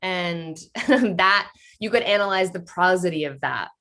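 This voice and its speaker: A woman's voice: on the low side, normal speed, sharp tone. A woman leading an online workshop over a video call, playful and upbeat as she reads out answers from the chat. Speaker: workshop leader.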